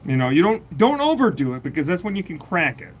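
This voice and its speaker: This livestream host talks fast in a deep, sing-song voice, with a little hiss or hum in the audio. Fielding home repair questions, she coaches a viewer through a fix and plainly explains it, chatting loosely, laughing a lot and swearing offhandedly.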